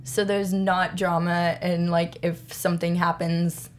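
A woman co-hosting a casual chat about a TV show, chiming in with quick reactions. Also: lowish voice, level tone. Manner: chimes in with short reactions and laughs. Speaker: podcast co-host.

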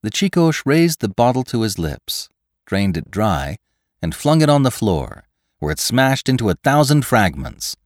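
A man narrating a classic tale for a podcast in measured, expressive storytelling. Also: mid-range voice, no echo, studio quality.

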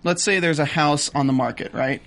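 Slightly high man explaining on a podcast. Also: brisk, creaky, a bit bright. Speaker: podcast co-host. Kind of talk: casual recap chat.

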